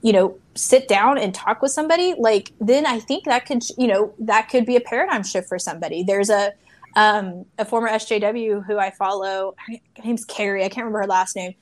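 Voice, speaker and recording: A woman's voice: medium pitch, a little fast. A woman in casual conversation who talks in a chatty way and often fills her speech with "like" and "you know".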